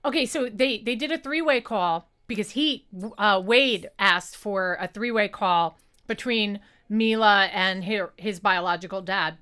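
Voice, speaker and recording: A woman's voice: mid-range voice, unhurried, pushed and bright, smooth. A woman co-hosting a true crime podcast, chatting and explaining clips to her co-host.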